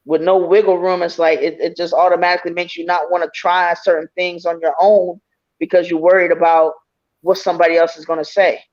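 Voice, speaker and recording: A woman's voice: lowish voice, flat delivery, brisk, darkish tone. A woman psychic medium giving an encouraging, rambling spiritual reading full of fillers. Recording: slightly dull stream audio.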